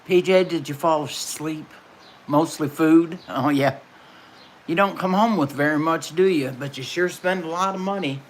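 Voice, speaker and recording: A woman's voice: deep voice, moderate pace, slight background noise. A middle-aged woman, chatting casually and telling folksy stories while hosting a livestream. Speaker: livestream host.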